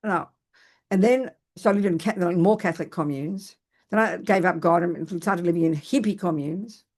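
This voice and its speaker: An older woman, a Buddhist teacher giving a dharma talk. She tells lively, self-mocking personal stories and often restarts her sentences. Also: lowish voice, normal speed.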